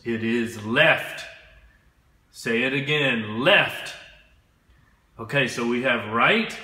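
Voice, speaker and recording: Slow, bright-voiced man teaching English. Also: mid-range voice, roomy sound. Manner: slow, clear, drills words for repetition. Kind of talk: slow classroom instruction.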